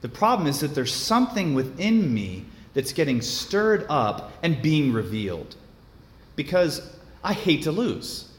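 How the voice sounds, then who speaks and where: A man's voice: fairly high pitch, very animated, unhurried. Conversational young man preaching in an echoey hall. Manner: conversational, filler-heavy with frequent restarts. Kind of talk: sermon.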